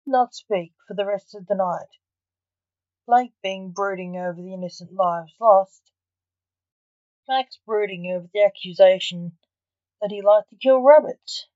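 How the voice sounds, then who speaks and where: A woman, the author, narrates her own story in a slow, measured reading style. Her voice sits at a middle pitch. The recording is dry and slightly muffled. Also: darkish tone, dry recording.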